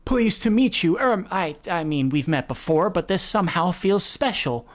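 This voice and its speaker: A man reading manga aloud while voicing a teary, overjoyed young wife in a higher, gushing voice. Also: expressive, moderate pace.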